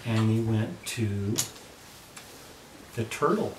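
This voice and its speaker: An older man telling a story to a child at home, expressive and playful, dropping to a hush for suspense. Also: lowish voice, slow pace, long pauses, echoey room, a crowd in the background, poor audio.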